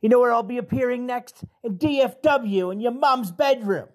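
A man's voice: extremely high pitch, moderate pace. A man voicing a crude, brash British cousin leaving a cheeky, swearing voice message in a put-on English accent. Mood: cheeky taunting. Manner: brash, swearing, mock-threatening. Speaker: caller.

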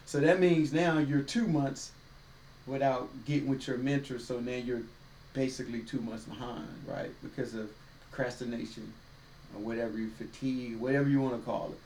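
A medium-pitched, darkish male voice speaks at a moderate pace with fairly even intonation. He's a co-host on a casual faith podcast, folksy and preachy and quoting other voices, captured through a distant mic with roomy echo, faint ambience, and a little hiss or hum.

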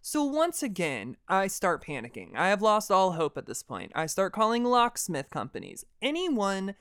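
A young man hosting a podcast, telling a personal story in a dramatic, animated way and swearing freely. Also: sits high, moderate pace, clean tone, no room sound, studio quality. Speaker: podcast host. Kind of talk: casual storytelling monologue.

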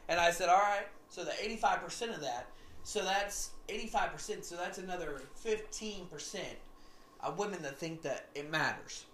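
A man's voice: high-pitched, moderate pace, fairly bright tone, slight background noise. A man telling a story in a casual, rambling monologue, repeating himself often. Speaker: vlogger.

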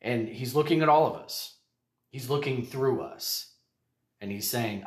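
A man's voice: mid-range voice, measured pace. A man hosting a podcast, talking in a rambling, jokey and earnest way. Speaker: podcast host. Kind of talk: casual monologue.

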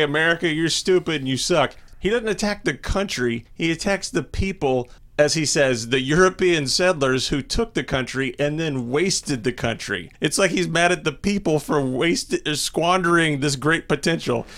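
A man's voice: on the high side, moderate pace, few pauses. A man co-hosting a podcast, telling stories with eager enthusiasm. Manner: enthusiastic, animated storytelling. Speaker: podcast co-host. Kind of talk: casual chat.

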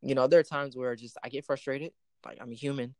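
Male podcast host, mid-pitched, relaxed storyteller, dry booth sound. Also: quick pace, dry recording. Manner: storytelling, animated retelling with quoted dialogue. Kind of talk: casual chat.

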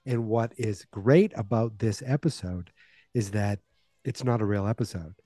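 A man's voice: on the low side, normal speed, mellow, no room sound. A man in his forties, a podcast host casually retelling a movie plot with wry asides.

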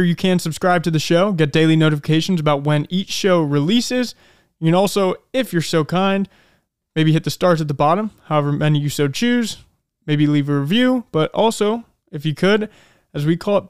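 A man hosting a daily faith-based podcast, speaking earnestly and reflectively, slowing down for emphasis. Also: a little high, clear, resonant tone, dry recording, studio quality. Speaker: podcast host. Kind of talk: faith-based motivational talk.

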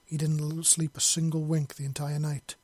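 A man narrating a fantasy story in a steady, measured read. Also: on the high side, husky, no echo.

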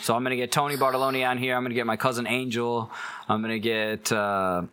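A man hosting a casual podcast, talking in a relaxed way and swearing easily. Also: medium pitch, quick pace, clean tone. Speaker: podcast host.

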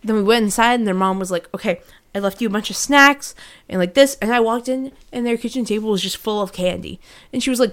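A young woman co-hosting a casual chat show, telling animated, profanity-laced stories and acting out the people she quotes. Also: on the high side, quick pace. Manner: animated storyteller, swears a lot, acts out quotes. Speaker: podcast co-host.

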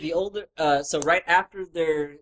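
A man with a high voice who hosts a casual chat among friends about a game. He speaks hesitantly and fills his pauses as he steers the talk. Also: fairly bright tone. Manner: hesitant, many fillers. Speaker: podcast host steering topics.

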